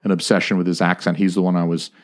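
Brief: man, podcast co-host, somewhat low voice, swears freely and jokes around. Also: level tone, fast talker. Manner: profane, joking, rambling. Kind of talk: casual podcast chat.

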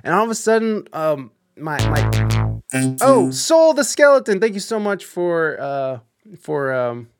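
A young man live streaming, telling a story in a casual, animated way with lots of swearing, fillers and restarts. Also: high voice, unhurried, music in the background.

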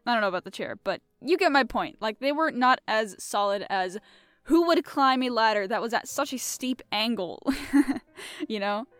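A woman's voice: fairly high pitch, animated, moderate pace, fairly bright tone, clean tone, dry recording, faint music behind. Giggly, chatty young woman host. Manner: giggly, chatty, rambling with many fillers. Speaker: podcast host. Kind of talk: casual chat reading mystery puzzles aloud.

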